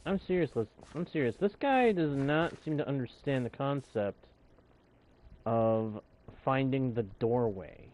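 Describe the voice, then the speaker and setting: A man's voice: mid-range voice, lively intonation, unhurried, darkish tone, rough recording. A man hosting a live game stream, chatting casually and jokingly with viewers and the game. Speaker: streamer and channel host.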